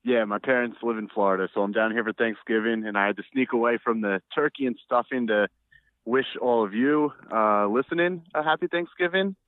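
A male caller phoning in to a talk show, friendly and wry as he chats. His voice comes through a dry, tinny phone line. He speaks at a middle pitch. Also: a little fast, no room sound. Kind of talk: call-in chat. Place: outdoors at a retirement community.

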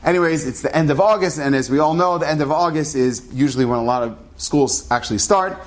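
A man tells a story in a loose, chatty way, wandering into asides as he goes. His voice sits fairly high for a man, and he keeps the tone conversational rather than polished. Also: fast talker. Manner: rambling, conversational, many asides. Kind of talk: casual spoken storytelling.

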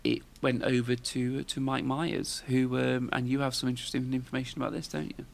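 Gravelly man, chatty podcast host. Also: mid-range voice, flat delivery, fairly quick. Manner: rambling, chatty, lots of fillers and tag questions. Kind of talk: casual chat.

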